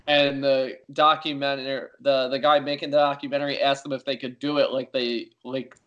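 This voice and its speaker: A man's voice: mid-range voice, level tone, moderate pace, a bit bright, highs cut off. A young man co-hosting a podcast, chatting casually and eagerly explaining things. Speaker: podcast co-host.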